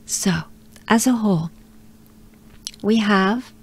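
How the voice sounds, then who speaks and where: A native French woman with a French accent, coaching English speakers through pronunciation with encouraging, drawn-out demonstration sounds. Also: mid-range voice, breathy edge. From France. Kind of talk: pronunciation lesson.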